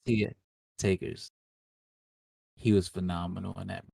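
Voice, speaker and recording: A man's voice: deep voice, flat delivery, measured pace, vocal fry, warm tone, husky, no room sound, studio quality. A man co-hosting a casual podcast, easygoing and agreeable, using laid-back slang. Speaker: podcast co-host. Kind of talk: casual chat.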